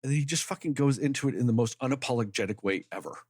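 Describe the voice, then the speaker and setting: Man, podcast co-host, husky voice, heated profane rant, dry sound. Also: medium pitch, rapid-fire, darkish tone, no echo. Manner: heated, profane, emphatic ranting. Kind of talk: casual podcast chat.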